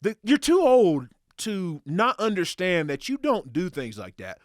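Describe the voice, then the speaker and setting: A man as a podcast guest, telling a hunting story in casual, animated and profane style, acting out quotes. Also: high-pitched, measured pace, no room sound, clean studio sound. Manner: animated, profane, excitable retelling with acted quotes.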